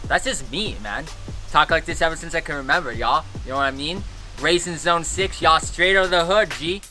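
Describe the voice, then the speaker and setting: A man's voice: sits high, big pitch swings, moderate pace, pushed and bright, soft background music, full character voice. A young man playing a white teenage boy who poses as a street thug, slangy and swaggering. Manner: slangy, swaggering, calls everyone dog and G. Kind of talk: comedy sketch.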